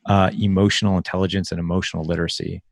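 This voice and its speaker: A middle-aged man with a gravelly, somewhat low voice talks about parenting from home over a video call. He is lively and acts out little exchanges with his kids. The sound is close and dry, with no room around it. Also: no room sound. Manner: animated, acts out family dialogue in quick voices. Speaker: podcast guest, fellow father. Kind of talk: casual conversation on a video call.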